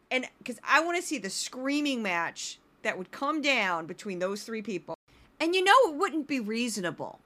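Bright, high-voiced sarcastic woman. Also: normal speed. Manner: sarcastic and animated, slips into voices. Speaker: podcast host. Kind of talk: comedic political commentary.

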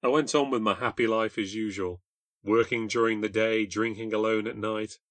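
A young man narrating a first-person ghost story in a sardonic, bitter, deadpan way. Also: lowish voice, normal speed, dry recording. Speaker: podcast host and narrator.

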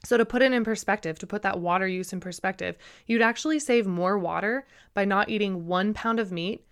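A woman's voice: mid-range voice, brisk, clear, resonant tone. A woman hosting a solo podcast, talking earnestly and emphatically, with frequent restarts and a slightly emotional edge. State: a little emotional. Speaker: podcast host. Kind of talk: casual solo podcast monologue.

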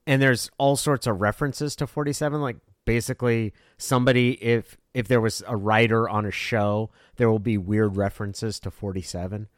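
A man co-hosting a podcast in casual chat, animated and laughing often, jumping into excited high bits. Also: dry recording, studio quality. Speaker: podcast co-host. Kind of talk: casual sports-media chat.

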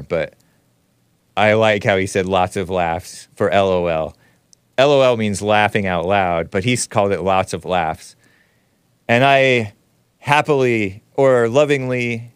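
A man hosting a call-in show, chatty and quick to laugh, often cutting himself off mid-sentence. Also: lowish voice, smooth, no room sound, studio quality. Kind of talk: casual call-in talk.

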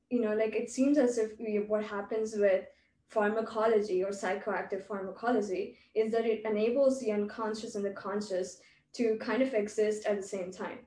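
A woman hosting a podcast muses at length in casual conversation, reflective and speculative, with many fillers. Her medium-pitched voice is warm, picked up by a distant mic in a roomy space with faint ambience and a little hiss or hum.

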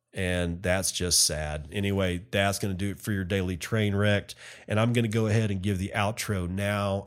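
Blunt, low-voiced male podcast host. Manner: blunt, ranting, loose with fillers. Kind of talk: casual solo podcast commentary.

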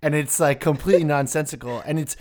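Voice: medium pitch, fast, a little mellow. Podcast host, dry and amused, skeptical questions, casual chat.

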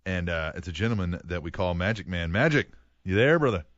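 A man's voice: sits low, lively intonation, fairly quick, fairly bright tone, lo-fi sound, slight background noise. A man co-hosting a comedic podcast, reading news items aloud with mock seriousness. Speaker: podcast co-host. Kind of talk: casual comedic podcast chat.

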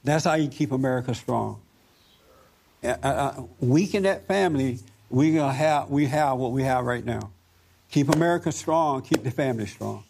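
A man's voice: medium pitch, moderate pace, creaky, a little mellow, slight background noise. A man hosting a talk show discussion, emphatic and preachy, repeating his points for force. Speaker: host.

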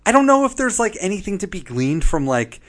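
Here a high-pitched man speaks briskly while co-hosting a podcast. Animated and foul-mouthed, he runs through a TV episode and performs its quotes in comic voices.

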